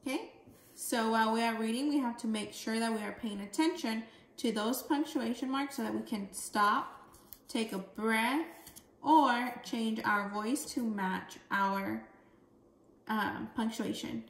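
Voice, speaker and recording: A woman teaching a second grade phonics lesson, speaking slowly and clearly as she models reading aloud. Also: fairly high pitch, roomy sound. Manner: slow, clear, deliberate reading with expressive dialogue voices.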